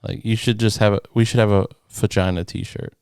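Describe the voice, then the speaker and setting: A man's voice: on the low side, fairly even intonation, a little fast, darkish tone, clean tone. A young man co-hosting a podcast, making wry teasing quips in casual chat. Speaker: podcast co-host.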